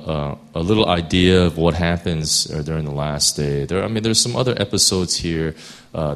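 A man preaching who reads a long scripture passage aloud, then talks it over in a halting way with many fillers and restarts. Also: sits low. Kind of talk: scripture reading then sermon.

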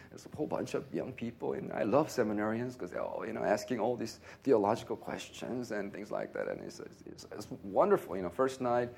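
A pastor preaching a sermon, telling a story with lots of laughter and acted-out dialogue. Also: male voice, medium pitch, slight background noise. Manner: animated, laughing often, acts out dialogue.

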